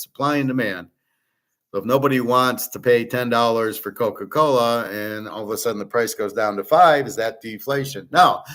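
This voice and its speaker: A man's voice: medium pitch, a bit bright. A middle-aged man hosting his own show, ranting bluntly and scornfully in an opinionated monologue. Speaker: host.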